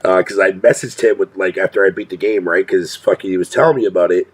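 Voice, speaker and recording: A man's voice: sits low, quick pace. A male streamer talking casually to his chat in a profane rant, swearing constantly and laughing often.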